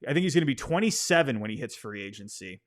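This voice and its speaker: Animated man ranting about sports. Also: medium pitch, fast. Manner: animated, exasperated, repeats himself, apologizes for ranting. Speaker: sports podcast host. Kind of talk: casual opinion rant.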